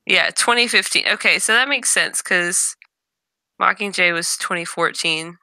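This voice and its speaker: Woman chatting away, really bright sharp voice, lowish, dry close mic. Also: no echo. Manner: chatty, quick to voice her opinions. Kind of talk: casual chat.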